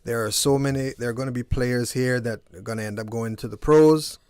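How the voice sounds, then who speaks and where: A man who organizes a basketball tournament, a guest on a radio sports show, talking with halting starts and repeated words. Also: medium pitch, steady tone, a little mellow, clear, resonant tone, no echo.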